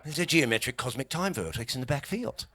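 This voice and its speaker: A man voicing an eccentric country gentleman, reporting bizarre events in a matter-of-fact way. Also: medium pitch, expressive, quick pace. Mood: breezy. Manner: matter-of-fact about wild happenings.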